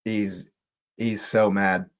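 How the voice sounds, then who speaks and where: Slow, exasperated male match reactor. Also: lowish voice, little pitch movement. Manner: exasperated, repeats phrases, slow deliberate delivery. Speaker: watch-along host. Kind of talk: live match reaction commentary.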